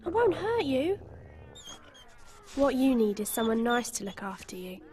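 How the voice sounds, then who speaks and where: A gentle young girl in a video game, high-pitched and lively, coaxing and caring as she talks. Faint game music hums beneath her. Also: unhurried. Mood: tender. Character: kind, gentle young girl, the hero's sister.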